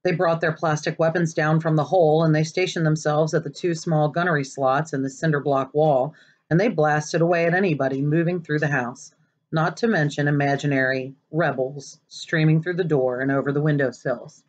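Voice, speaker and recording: A woman reading a children's novel aloud, expressive and lively, raising her voice for the characters' lines. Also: low-pitched, moderate pace, highs cut off. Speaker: narrator.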